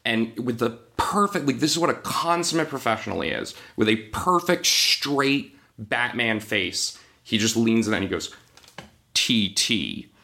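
A man's voice: medium pitch, animated, normal speed, bright, forceful tone. A man who writes for TV animation, telling behind-the-scenes stories in a casual podcast interview, acting out quotes and laughing often.

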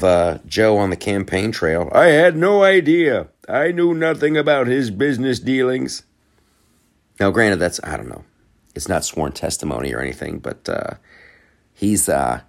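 A man hosting a podcast, giving casual political commentary in a sarcastic tone, repeating phrases and laughing at his own points. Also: deep voice. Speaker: podcast host.

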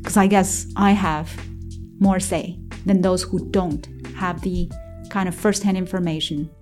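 A woman from China tells her own story to an interviewer. She speaks haltingly, often restarting her sentences, and breaks into small laughs. Soft music plays faintly in the background. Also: fairly low pitch, steady tone. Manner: halting, many fillers and restarts; laughs while telling hard memories.

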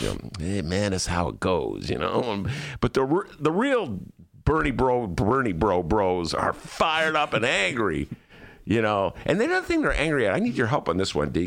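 A man's voice: mid-range voice, gravelly. A man hosting a podcast, telling comedic stories in casual chat and acting out the people in them. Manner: animated storyteller who acts out other people. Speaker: podcast host.

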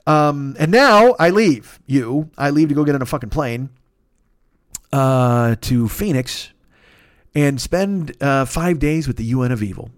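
A man in his fifties hosting a casual solo podcast, rambling and swearing as he tells animated stories. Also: medium pitch, a little slow, no room sound, clean studio sound. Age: 50s. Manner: profane, rambling, animated storytelling. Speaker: podcast host.

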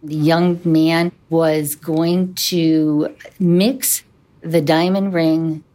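A woman's voice: deep voice, steady tone, extremely slow, mellow. Chatty woman hotline expert. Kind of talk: anecdote in an interview.

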